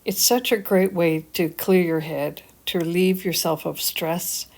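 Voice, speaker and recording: An older woman with a slightly low voice speaks in a reflective, encouraging tone. She narrates her own vlog, earnest and motivational. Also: darkish tone. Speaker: vlogger.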